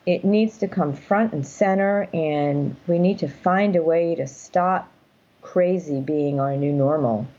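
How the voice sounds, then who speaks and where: A woman's voice: deep voice, measured pace, mellow, lo-fi sound. An older woman telling her story as an interview guest, earnest and emphatic, speaking from home over a call. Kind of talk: casual interview talk. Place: home room.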